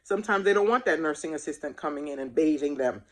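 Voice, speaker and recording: A woman's voice: deep voice, expressive, fast. An older woman with a Jamaican accent speaking tearfully and earnestly in a vlog, repeating phrases for emphasis. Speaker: vlogger. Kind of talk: emotional direct-to-camera vlog talk.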